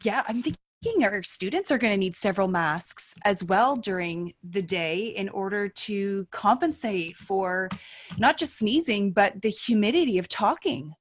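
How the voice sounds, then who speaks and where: A woman's voice: medium pitch, expressive, measured pace. Woman teacher thinking aloud. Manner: thinks aloud, sums things up. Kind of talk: casual discussion.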